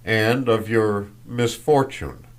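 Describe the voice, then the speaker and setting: A man reading an audiobook voices a stern old male Freemason traveler who speaks in a deliberate, loud, grave manner. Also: on the low side, expressive.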